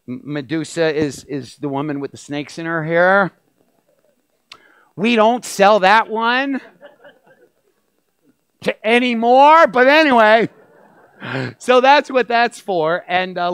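A rabbi with a smooth, resonant voice that sits a little high, speaking to a church. He is folksy and jokey and stumbles into small restarts. The sound is close and dry. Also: a bit bright, no room sound. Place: church sanctuary.

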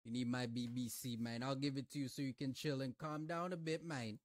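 A man's voice: mid-range voice, fairly even intonation, fairly quick, distant mic, background noise. A man hosting a reaction video, making slangy, joking remarks about the clip he is watching. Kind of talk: casual reaction commentary.

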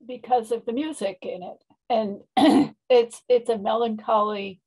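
A woman's voice: on the high side, unhurried, darkish tone, slightly rough, rough recording. A woman taking part in a poetry discussion, speaking with enthusiasm. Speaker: discussion participant. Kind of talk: casual group discussion.

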